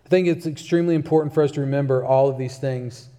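A man's voice: mid-range voice, fairly even intonation, quick pace, dark tone, in a large hall. A male pastor preaching a sermon, emphatic and repeating key phrases for stress.

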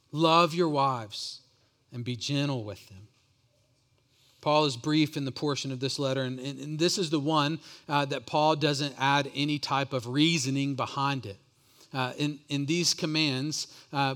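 A pastor preaches in a voice pitched a little high for a man. He speaks earnestly, often repeating words as he builds each point. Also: a bit bright. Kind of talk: sermon.

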